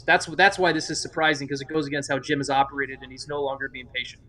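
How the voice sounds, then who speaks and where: A man analyzing hockey trades on a podcast, animated and prone to restarts. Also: medium pitch, fast talker. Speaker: hockey reporter. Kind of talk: sports analysis discussion.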